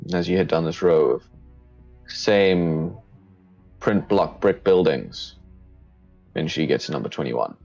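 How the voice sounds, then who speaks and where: A deep-voiced man running a tabletop game, describing grimy streets in a loose, casual narration. The sound is dull and lo-fi, with faint music under it. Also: measured pace, long pauses, darkish tone. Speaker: game master.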